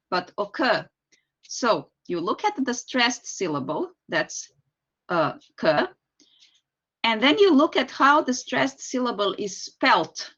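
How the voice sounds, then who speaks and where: Teacher on a dull call. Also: female voice, medium pitch, pushed and bright. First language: Serbian. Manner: patient, explanatory, calls on students by name. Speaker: English teacher. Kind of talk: online grammar lesson.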